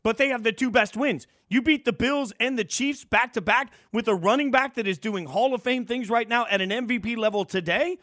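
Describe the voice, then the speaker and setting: A man hosting sports talk radio, animated and opinionated, stirring up debate with his co-host. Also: very high-pitched, brisk, few pauses, no room sound, studio quality. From Las Vegas.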